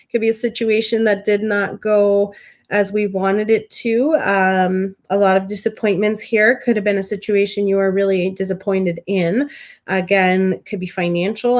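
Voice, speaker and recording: Emotional woman giving a tarot reading. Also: medium pitch. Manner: emotional, affectionate, talks straight to viewers. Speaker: tarot reader. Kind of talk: live-stream tarot reading.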